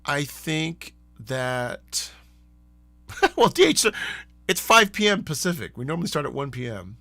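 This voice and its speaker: A man hosting a live stream, chatting casually in a rambling, animated way and laughing often. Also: a little high, unhurried, gravelly, dry recording, faint music behind. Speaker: streamer and host.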